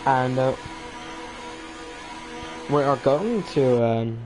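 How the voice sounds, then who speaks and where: A man's voice: mid-range voice, lively intonation, extremely slow, over music. Man commentating a sim race, rambling. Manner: rambling, hesitant, many fillers. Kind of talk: casual live-stream commentary.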